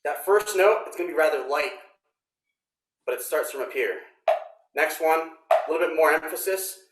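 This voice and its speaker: A man teaching snare drum technique in a workshop, explaining step by step in a relaxed way with frequent ums. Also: fairly high pitch, moderate pace, recorded from a distance. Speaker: drum instructor. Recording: roomy echo.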